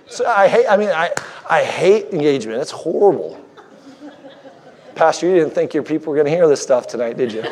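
Guy preaching, kinda high voice, jokes around with the church folks, casual sermon vibe. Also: lively intonation, brisk, a little mellow. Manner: conversational, joking with the congregation. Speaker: guest preacher.

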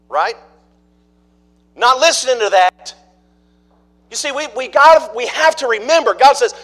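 High-voiced preacher talking with his congregation. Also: big pitch swings, a little slow, pauses often, a bit bright. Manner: conversational preaching, asks the congregation questions. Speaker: pastor. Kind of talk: sermon.

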